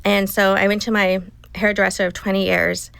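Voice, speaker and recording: Woman, middle-aged, gravelly, earnest storyteller, dry sound. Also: mid-range voice, flat delivery, moderate pace, fairly bright tone, no room sound. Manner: emotional, earnest storytelling with acted self-talk. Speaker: guest. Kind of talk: personal story in a casual interview.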